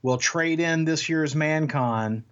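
A man's voice: fairly high pitch, slow, fairly bright tone, muffled recording. A man co-hosting a podcast from home over a remote call, chatty and jokey, rambling with asides. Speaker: podcast co-host. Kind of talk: casual chat. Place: home in Texas.

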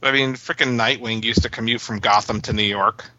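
Brief: a bright, tense-voiced man thinking out loud in casual chat, dry lo-fi audio. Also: on the low side, steady tone, fairly quick, a little hiss or hum. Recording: dry, slightly dull lo-fi audio.

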